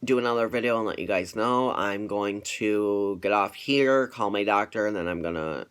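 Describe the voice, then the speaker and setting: A man's voice: lowish voice, moderate pace, a bit bright, smooth. A young man, feeling unwell, casually retelling an irritating phone call in a rambling vlog update. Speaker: vlogger.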